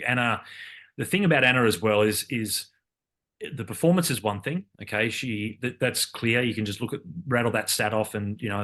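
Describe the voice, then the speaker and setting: Low-voiced man chatting. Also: fairly bright tone. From Australia. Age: 50s. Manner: rambling, with many fillers and repeated starts. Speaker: guest, Olympic cyclist and commentator. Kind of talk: casual interview conversation.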